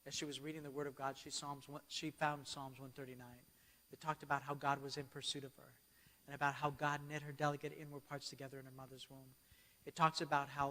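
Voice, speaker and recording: A man's voice: on the high side, a bit bright. Man preaching in a reverberant hall. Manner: checks in with the audience. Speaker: speaker giving a church keynote. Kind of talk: storytelling sermon. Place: church hall.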